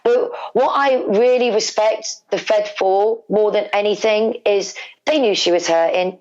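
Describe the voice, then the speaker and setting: A woman's voice: mid-range voice, a little slow. Emotional middle-aged British woman storyteller. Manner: animated, repeats words for emphasis. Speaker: guest, wrestler's mother. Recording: slightly dull lo-fi recording.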